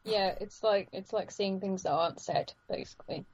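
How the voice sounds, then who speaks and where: Woman, casual co-host; warm, husky tone, rambling delivery, dull lo-fi sound. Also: medium pitch, normal speed. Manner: rambling, many restarts, laughs often. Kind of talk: casual chat.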